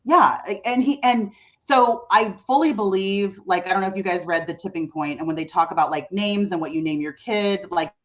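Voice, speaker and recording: Chatty mom telling a story, lo-fi audio. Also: female voice, mid-range voice, normal speed. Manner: animated storyteller, many "like" fillers. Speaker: podcast guest; mother of a teenage son. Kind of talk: casual chat.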